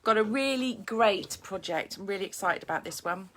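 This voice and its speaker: An eager woman chats her way through a live papercraft demo at her home craft desk, greeting viewers by name as they join. Her voice sits mid-range and her talk is loose and excitable, full of ums and restarts. A faint hiss runs under the stream. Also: medium pitch, moderate pace. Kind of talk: chatty live craft demonstration. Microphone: phone or camera streaming live.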